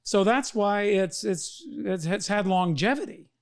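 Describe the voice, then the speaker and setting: A man's voice: high-pitched, expressive, measured pace. An older man in his sixties or more, speaking in a folksy, plain-spoken way on a podcast, stumbling over repeated words now and then. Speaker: podcast co-host, veteran financial advisor. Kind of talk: casual conversation.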